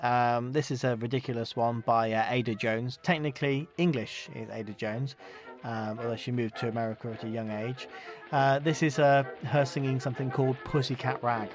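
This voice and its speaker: A man hosting a podcast, introducing old records in a relaxed casual chat with many fillers. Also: mid-range voice, normal speed, over music. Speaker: podcast host.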